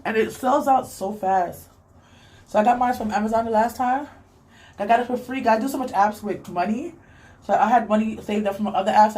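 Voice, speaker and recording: A woman's voice: on the high side, a little mellow. A young woman vlogging casually while she cleans, rambling and chatty, talking to a child off camera and reading comments aloud.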